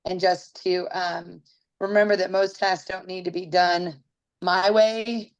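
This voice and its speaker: A woman's voice: fairly low pitch, steady tone, unhurried, dull audio. A woman, a mother, chatting casually on a video call and reading her notes aloud. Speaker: book study participant, mother. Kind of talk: casual group discussion.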